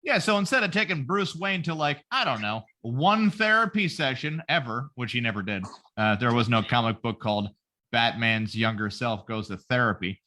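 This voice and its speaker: A man's voice: medium pitch, animated, moderate pace, pushed and bright. A man on a podcast, retelling a story as a profane comedy bit with silly voices for each character. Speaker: podcast host. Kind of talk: casual comedic podcast chat.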